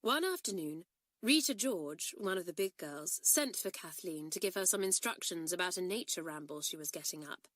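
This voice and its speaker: A woman narrating an audiobook with expressive storytelling. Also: fairly low pitch, moderate pace, no echo, clean studio sound.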